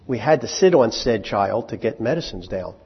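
A man's voice: fairly low pitch, animated, husky, in a large hall. A male pastor preaching a sermon in a conversational way, asking his congregation questions and acting out bits of dialogue. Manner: acts out short dialogue in quick voices. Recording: muffled lo-fi recording.

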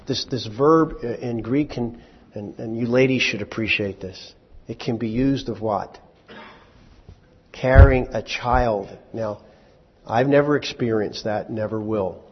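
A man's voice: mid-range voice, slightly rough. A man preaching a sermon in a conversational way, asking his listeners questions and then answering them himself. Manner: conversational, with small restarts. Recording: dull, lo-fi hall recording.

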